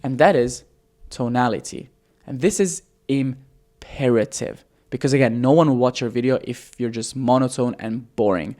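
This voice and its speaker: A man teaching copywriting on camera in a casual, energetic way, swearing freely and shifting his pace and loudness for emphasis. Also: mid-range voice, moderate pace. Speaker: copywriting coach.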